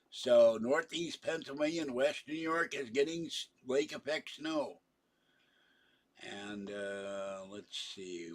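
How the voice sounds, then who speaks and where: A tired man hosting a casual livestream, rambling from one topic to the next with many fillers and yawns. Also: mid-range voice. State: tired, yawning. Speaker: livestream host.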